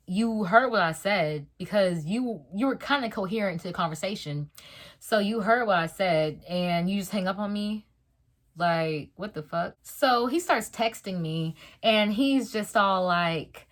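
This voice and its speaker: A young adult woman telling a story in a casual storytime vlog, slangy and animated, acting out the voices of the people in it. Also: mid-range voice, a little slow. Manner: animated, slangy, dramatic retelling. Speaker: vlogger.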